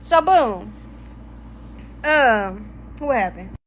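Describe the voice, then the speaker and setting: A woman's voice: a little high, lively intonation, extremely slow, slight background noise, low-quality recording. A young woman telling a rambling personal story in casual storytime style, swearing freely and stopping to find her place. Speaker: storytime vlogger.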